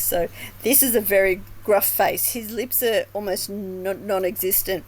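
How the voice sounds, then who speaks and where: A woman's voice: mid-range voice, fairly even intonation, measured pace, a little hiss or hum, rough recording. A woman vlogger commenting casually at home, chatty and thinking aloud, swearing now and then. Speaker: vlogger analyzing body language. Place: home with dogs.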